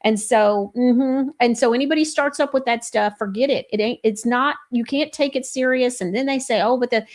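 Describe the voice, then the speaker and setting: Quoting others in brisk, animated asides, a woman with a slightly high voice hosts an informal political talk show in an emphatic, rambling style.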